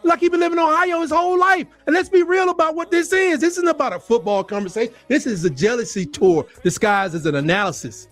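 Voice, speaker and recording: A man with a strikingly high voice hosts a sports talk show, ranting in a fired-up, animated way and hammering his points with repetition. Faint music plays underneath him. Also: quick pace, hardly any pauses. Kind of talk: heated sports commentary rant.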